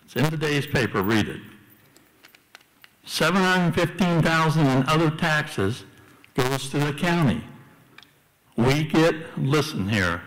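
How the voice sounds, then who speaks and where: A man speaks slowly and bluntly, arguing his point at a council hearing. His voice sits a touch high. The sound carries the long reverb of a council chamber. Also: expressive, fairly bright tone. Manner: blunt, argumentative. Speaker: public commenter. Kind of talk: public hearing testimony.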